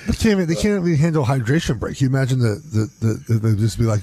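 Sports radio guy, dark husky voice, sarcastic, argues back, dry studio. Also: mid-range voice, very animated, fast talker. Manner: argumentative, sarcastic. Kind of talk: casual sports radio banter.

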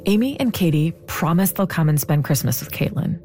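A woman narrating a podcast story in a measured, composed way. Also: deep voice, animated. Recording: soft music bed underneath.

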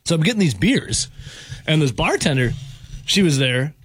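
Animated radio host telling a story. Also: male voice, on the high side, normal speed, slightly rough, no echo. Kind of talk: casual storytelling chat.

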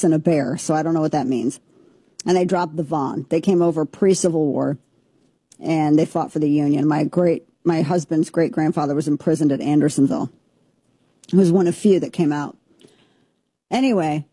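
Animated lower-voiced woman telling a story. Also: breathy edge, dry recording, studio quality. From Southern Missouri. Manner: animated, jokey, talks over herself. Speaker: show co-host. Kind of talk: casual storytelling chat.

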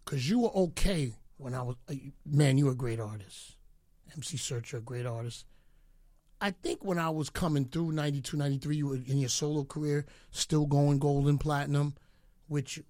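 A man's voice: a little high, normal speed, mellow, no echo, clean studio sound. A middle-aged man delivering a boastful, taunting rant aimed at rivals, mock-pleading with them to leave him alone. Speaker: radio DJ. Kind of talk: ranting commentary.

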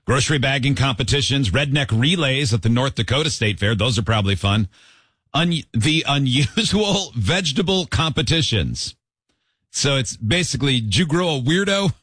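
A man hosting a comedy chat with a teasing, playful manner. His pitch rises and falls a lot, and the voice is slightly husky. The sound is dry and close. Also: expressive, moderate pace, fairly bright tone, dry recording.

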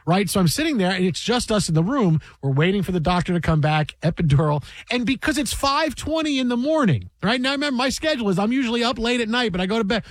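High-voiced animated sports radio man. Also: quick pace, few pauses, no echo. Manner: animated storyteller, acts out quotes loudly. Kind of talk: casual sports radio banter.

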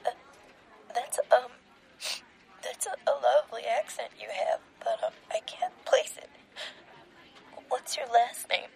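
A woman's voice: a little high, unhurried, vocal fry, pauses often, poor audio. An actress playing a grieving woman caller who is crying. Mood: wary. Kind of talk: audio drama acting.

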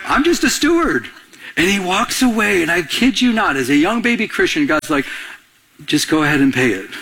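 A man's voice: sits high, sing-song, fairly quick, bright, forceful tone, husky. A middle-aged man preaching a sermon, telling a personal story and acting out both sides of the conversations. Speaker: pastor.

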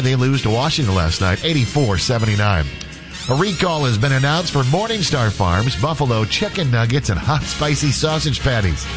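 A man hosting a casual morning radio show, talking through a stuffy, congested nose in a chatty, self-mocking way. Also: medium pitch. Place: radio studio.

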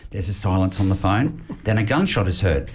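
A man's voice: low-pitched, animated, brisk. A man hosting a radio show, bantering and reading out listener jokes in a chirpy way. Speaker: radio host.

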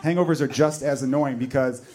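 A man's voice: medium pitch, a little fast, dark tone. A man doing self-deprecating stand-up storytelling. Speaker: stand-up comedian. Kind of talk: stand-up comedy.

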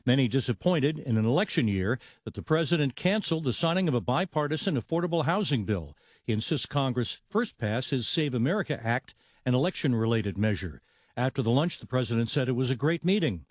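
A male news anchor reading a radio newscast in a crisp, measured delivery. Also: medium pitch, very animated, dry recording, studio quality.

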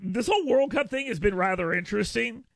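A man's voice: sits high, animated, fast talker, gravelly, no echo. An American man hosting a talk radio show, giving his opinions in a monologue. He stammers and restarts often, doubling the first words of his sentences. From United States.

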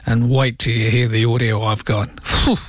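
A man's voice: medium pitch, level tone, normal speed, no echo. A man with an Australian accent hosting late-night talkback radio, joking his way through listener texts in a wry, chatty manner on a studio mic. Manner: wry, jokey, reads listener texts aloud. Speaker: radio host. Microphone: studio microphone.

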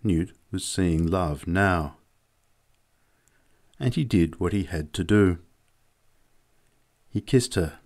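Slow, low-voiced male audiobook narrator. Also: a little mellow. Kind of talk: audiobook reading.

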